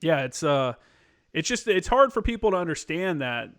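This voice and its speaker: A man's voice: on the high side, sing-song, moderate pace, a bit bright. A man hosting a podcast, talking casually and loosely with many fillers. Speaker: podcast host. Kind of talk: casual conversation.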